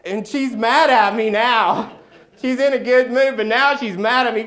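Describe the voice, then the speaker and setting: A man preaching a sermon as pastor, telling a personal story and acting out the scenes with loud outbursts. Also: very high voice, normal speed. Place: church sanctuary.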